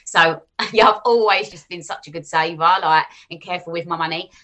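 A woman, a guest on a podcast, talking in quick, chatty bursts and acting out what other people say. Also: fairly low pitch, a bit bright. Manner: fast, chatty, acts out quoted people. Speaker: guest, finance author. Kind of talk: casual podcast chat.

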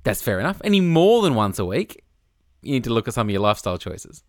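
A man's voice: medium pitch, sing-song, quick pace, no echo, studio quality. A man co-hosting a podcast, chatty, explaining research and laughing often. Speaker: podcast co-host. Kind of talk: casual chat. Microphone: studio microphone.

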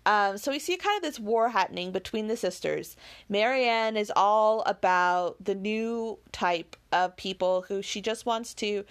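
A woman's voice: mid-range voice, measured pace, clean tone. A woman reading a novel aloud, then talking it over in a chatty way, thinking aloud with fillers. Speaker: reader and commentator. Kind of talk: casual commentary on a novel.

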